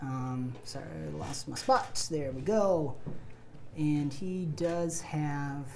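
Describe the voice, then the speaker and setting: A woman's voice: low voice, slow pace, a little mellow, slight background noise. A woman narrating a tabletop role-playing game as game master, giggling often and adding sound effects to her storytelling.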